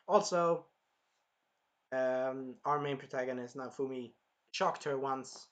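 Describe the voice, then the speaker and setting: A man giving a casual, excitable anime review, swearing freely along the way. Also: mid-range voice, takes it slowly, pauses often, highs cut off.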